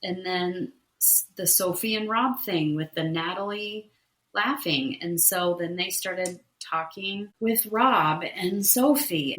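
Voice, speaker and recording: A woman's voice: medium pitch, a bit bright, reverberant, rough recording. A woman co-hosting a casual podcast, retelling a reality show episode step by step with frequent "um"s and "right?". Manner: recaps events step by step with many "um"s and "right?". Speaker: podcast co-host.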